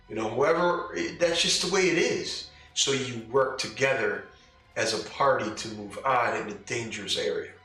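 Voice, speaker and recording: Faint music plays behind this very echoey, distant-mic recording of a podcast host playing dungeon master. His voice is medium-pitched and fairly bright as he gives a blunt, casual opinion monologue full of emphatic rhetorical questions.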